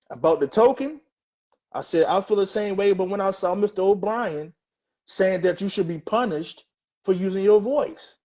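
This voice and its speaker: A man hosting a casual talk show, his voice sitting a bit high for a man. He speaks haltingly, restarting phrases and filling pauses as he tells a story. The recording sounds dull and lo-fi. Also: a little mellow. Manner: halting, many restarts and fillers. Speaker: host.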